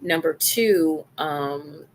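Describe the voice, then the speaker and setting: A woman's voice: deep voice, drawn-out words. A middle-aged woman hosting a live-stream talk show, chatting casually and repeating phrases for emphasis.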